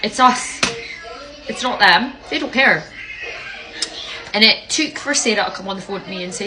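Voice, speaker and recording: With a medium-pitched voice at normal speed, a young parent vlogger talks frankly to camera, leaving long pauses. Background noise and music sit behind her candid, emotional talk, which is peppered with swearing and repeated "right?".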